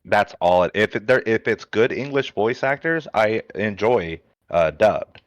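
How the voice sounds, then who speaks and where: A player in a tabletop game, chatting casually and pausing often mid-thought. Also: medium pitch, animated, dry recording, dull audio.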